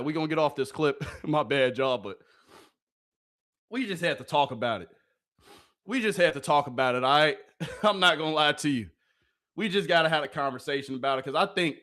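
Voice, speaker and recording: A man hosting a live sports reaction stream, loud and excitable, often yelling and laughing into a close microphone. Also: on the high side, brisk. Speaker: sports reaction livestream host. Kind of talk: hyped live commentary on football clips. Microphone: close microphone he yells into.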